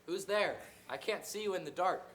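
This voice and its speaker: A young man on a school stage playing a fussy, easily offended gentleman who is indignant and proper, recorded from far off in an echoey hall. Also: high-pitched, moderate pace, a little hiss or hum. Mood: wary. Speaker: student actor.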